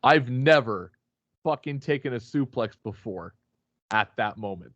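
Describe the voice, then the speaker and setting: A man's voice: medium pitch, animated, unhurried, a bit bright, dry recording, dull audio. A man guest on a remote call, telling a rambling, swear-filled story with many fillers and restarts. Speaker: podcast guest, wrestler. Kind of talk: casual storytelling chat.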